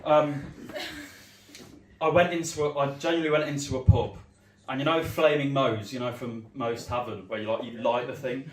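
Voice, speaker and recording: A man's voice: mid-range voice, steady tone, normal speed. A young man, from Leicester, telling a rambling, sweary stand-up story with many ums. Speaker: stand-up comedian. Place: comedy gig room. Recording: roomy echo, heard from far off.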